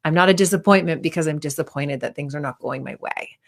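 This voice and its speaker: Woman in her 30s coaching, low-ish voice, chatty and candid, does little voices when she quotes people. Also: fast, gravelly. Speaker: performance coach. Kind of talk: casual coaching talk.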